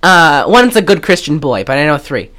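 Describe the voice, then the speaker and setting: This podcast co-host speaks in a low, very animated, slightly bright voice. Recapping an old horror film in a relaxed way, she curses often, breaks into laughter, and slips into quick asides where she acts out the characters.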